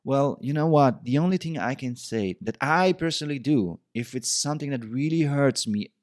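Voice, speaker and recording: A man's voice: medium pitch, lively intonation, moderate pace, dry recording, studio quality. Man musing on relationship advice. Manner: reflective, repeats himself, casual. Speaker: podcast host.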